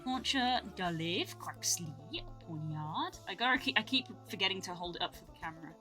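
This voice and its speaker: A woman streaming, chatting casually as she opens trading cards, breaking into excited exclamations. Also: fairly low pitch, moderate pace, soft background music. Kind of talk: casual live-stream card-opening commentary.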